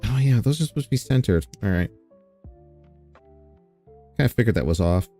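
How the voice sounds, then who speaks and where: A man's voice: on the low side, normal speed, soft background music. A man hosting a stream, chatting casually and sardonically while reacting to clips. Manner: relaxed, rambling, sardonic with fillers. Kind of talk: casual commentary over clips.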